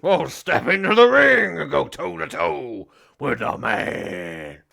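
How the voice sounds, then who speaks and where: Man putting on a squeaky slow old guy, defiant, super high. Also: sing-song, gravelly, bright, forceful tone, full character voice. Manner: drawn-out, defiant squeaky declarations. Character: plucky scrawny old man challenger.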